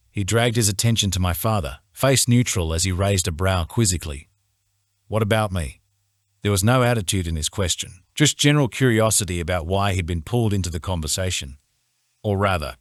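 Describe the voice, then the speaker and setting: A man reads a romance novel in the first person with steady, measured storytelling. His voice sits very low. The studio recording is dry and close, with no room sound. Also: no room sound. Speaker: audiobook narrator. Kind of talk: scripted first-person narration.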